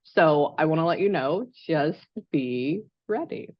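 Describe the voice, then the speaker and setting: A chatty, excitable woman giving a medium reading over a video call, rambling freely with fillers. Her voice sits fairly low. The sound is dry and a little dull, like call audio. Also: measured pace, dry recording. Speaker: psychic medium.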